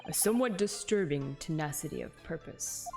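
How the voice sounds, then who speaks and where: Woman putting on a low gravelly voice, haughty male prosecutor, scornful, formal, music behind. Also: animated, fairly quick, a little mellow. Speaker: game character voiced by streamer.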